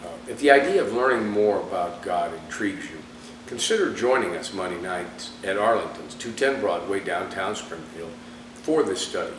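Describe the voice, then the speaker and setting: A man's voice: low voice, animated, normal speed, recorded from a distance, slight background noise. Man teaching a Bible study in an echoey room. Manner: conversational, asks rhetorical questions. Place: indoor room with a group.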